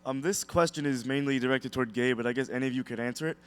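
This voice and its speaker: A man's voice: medium pitch, racing, clear, resonant tone. A man in the audience asking a hesitant question at a convention panel. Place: convention hall.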